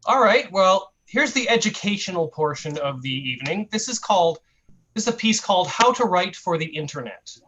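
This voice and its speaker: A man at an online open mic, reading a comic piece in a mock-earnest, satirical way and drawing out his deadpan asides. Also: sits high, normal speed, highs cut off, slight background noise. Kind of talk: comic spoken-word reading.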